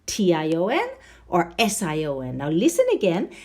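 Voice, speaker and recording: Lively, mellow-voiced woman teacher. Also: lowish voice, moderate pace. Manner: explanatory, spells out word endings letter by letter; checks in with rhetorical questions. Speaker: English teacher. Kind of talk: recorded video lesson.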